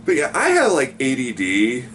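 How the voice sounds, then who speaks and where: A man's voice: medium pitch, wildly swooping pitch, moderate pace, a bit bright, a little hiss or hum. A man co-hosting a casual chat, easygoing and filling his talk with "like". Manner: easygoing, many fillers, laughs along. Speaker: co-host.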